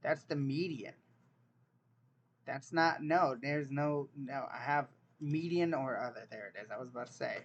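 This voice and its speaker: A young vlogger takes an online dialect quiz, thinking aloud with jokes and disbelief in a casual way. His voice is mid-range at a moderate pace, and the recording sounds lo-fi.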